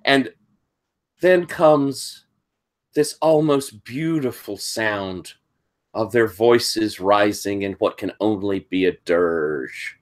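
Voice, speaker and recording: A man running a tabletop game as game master, slowly describing scenes with frequent pauses and restarts. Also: lowish voice.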